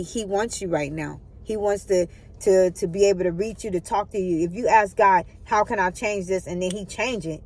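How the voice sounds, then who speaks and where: A woman's voice: medium pitch, a little mellow. Woman, spiritual vlogger on her phone; earnest, preachy, checks in with viewers a lot. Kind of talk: spiritual motivational talk.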